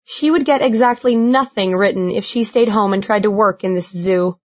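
A woman narrating a novel in a measured, expressive reading. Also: medium pitch, highs cut off. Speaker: audiobook narrator. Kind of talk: scripted narration.

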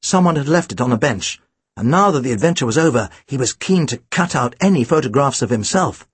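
An audiobook narrator reading a first-person story in a lively, expressive way. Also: mid-range voice, fairly quick, slightly rough, no room sound.

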